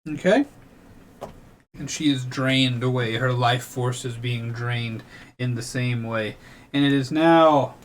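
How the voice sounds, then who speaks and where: A man's voice: mid-range voice, fairly even intonation, takes it slowly, slight background noise. A man narrating a tabletop game as game master, counting dice rolls and damage aloud. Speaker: dungeon master.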